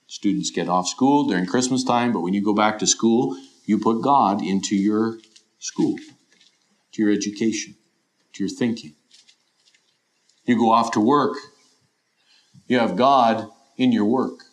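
A man's voice: lowish voice, unhurried, pauses often. A middle-aged man preaching a sermon in an earnest, questioning way, often voicing imagined listeners. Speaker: pastor.

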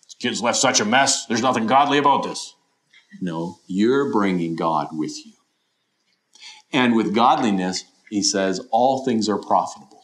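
A man's voice: fairly low pitch, expressive, a little slow. Earnest preaching man. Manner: earnest, questioning preaching with quoted imagined voices. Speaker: pastor. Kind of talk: sermon.

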